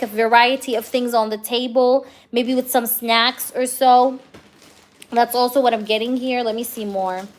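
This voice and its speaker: A young woman giving a live-streamed tarot reading, chatty and reassuring, filling her talk with "um" and "okay?" checks. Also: on the high side. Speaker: tarot reader.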